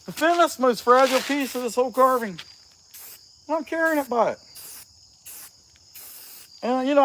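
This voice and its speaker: Streaming live from an outdoor workshop, this middle-aged chainsaw carver talks easily with viewers while he works, reading their comments out in a laid-back manner. His very high, fairly bright voice is animated and moves at normal speed, broken by frequent pauses. A slight cold leaves him a bit sniffly, and the recording has a little hiss or hum.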